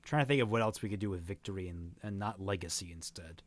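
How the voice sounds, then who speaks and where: A man with a fairly low voice chatting on a livestream. He thinks aloud and floats ideas tentatively, in a loose, casual way. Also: quick pace. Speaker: streamer host.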